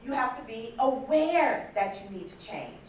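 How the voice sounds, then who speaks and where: A woman's voice: fairly high pitch, a little slow, distant mic, slight background noise. Woman in her fifties in an echoey hall. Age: 50s. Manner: lively storyteller acting out quoted voices. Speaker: conference speaker. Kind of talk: motivational talk. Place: large conference hall.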